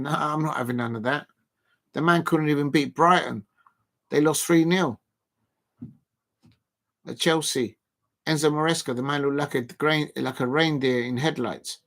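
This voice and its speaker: Chatty young-sounding man streaming. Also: a little high. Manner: rambling, chatty, lots of fillers, shouts out viewers. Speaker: live stream host. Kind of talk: casual live watch-along commentary.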